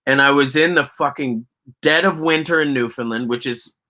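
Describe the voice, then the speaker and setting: Canadian actor guest, bright voice, lively profane anecdotes in a chat interview. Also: male voice, medium pitch, brisk. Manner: animated, profane, laughing storyteller. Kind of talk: casual interview storytelling.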